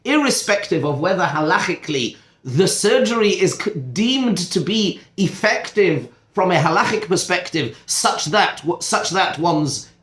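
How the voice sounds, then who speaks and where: Rabbi lecturing in an echoey classroom. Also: male voice, sits high, lively intonation, measured pace, fairly bright tone. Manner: conversational, self-interrupting, asides and rhetorical questions. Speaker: rabbi teaching a study group. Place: seminar classroom.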